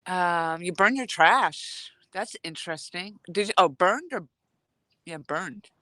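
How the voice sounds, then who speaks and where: A woman's voice: fairly low pitch, expressive, slow, pushed and bright, no echo. A woman live-streaming from a cold outdoor dock on her phone, sniffly from the cold and chatting in a rambling way while greeting viewers. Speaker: live-streaming fishing vlogger. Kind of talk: casual live-stream chat. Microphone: phone held at arm's length.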